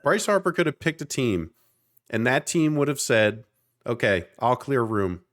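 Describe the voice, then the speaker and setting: A man, co-hosting a podcast in casual chat, earnest and animated. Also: mid-range voice, measured pace. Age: 30s. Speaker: podcast co-host.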